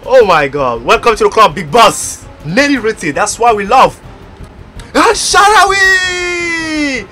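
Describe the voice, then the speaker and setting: Man, very high voice, swooping lively pitch, excitable, loud outbursts, game pack-opening commentary. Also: takes it slowly, soft background music. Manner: excitable, bursts into loud exclamations. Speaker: gaming YouTuber.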